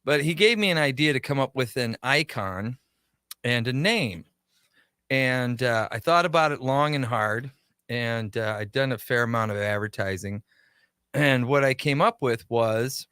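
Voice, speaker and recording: A man on a radio show telling anecdotes and acting out the back-and-forth of old conversations. His voice is bright and forward. The sound is close and dry, like a studio mic. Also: mid-range voice, a little slow, smooth, no echo. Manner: animated anecdotes with quoted dialogue. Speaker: shop owner guest. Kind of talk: casual radio interview storytelling.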